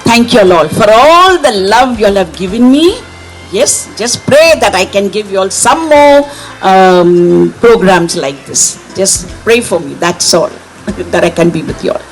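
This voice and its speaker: A woman's voice: medium pitch, lively intonation, unhurried, soft background music. An older woman, emotional and laughing between words as she thanks guests over a handheld microphone. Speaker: honoree addressing guests. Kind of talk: emotional thank-you speech.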